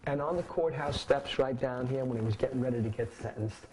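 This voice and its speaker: A man's voice: medium pitch, brisk, slight background noise, rough recording. A man teaching a finance class in casual lecture style, telling stories and acting out dialogues with clients, often checking that the class is following. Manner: animated storytelling, acts out dialogues, quizzes the class. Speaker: finance instructor.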